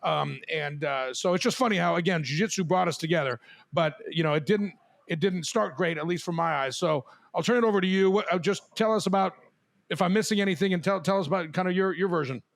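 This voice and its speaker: A man hosting a podcast, animated and laughing as he tells a long story among friends. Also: high voice, fast, vocal fry. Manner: animated, swears, laughs while telling stories. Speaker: podcast host. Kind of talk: storytelling in casual chat.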